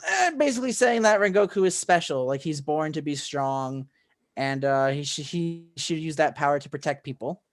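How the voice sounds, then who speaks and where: A fairly high-voiced man chatting on a podcast, retelling a story with rising excitement. He rambles, stumbles and restarts often, full of "um" and "like". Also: normal speed. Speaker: podcast co-host. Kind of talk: casual chat recapping a film.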